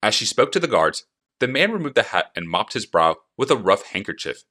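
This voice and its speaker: A man narrating an audiobook in a low voice with a bright, sharp edge. His delivery is expressive and moves freely up and down in pitch. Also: a little fast. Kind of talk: audiobook reading.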